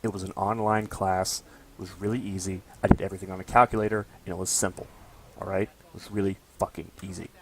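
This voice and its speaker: A young adult college student vlogger rants casually to camera, swearing often and tagging his lines with "okay?". His voice is low-pitched and flat, he talks fast, and the recording is very noisy.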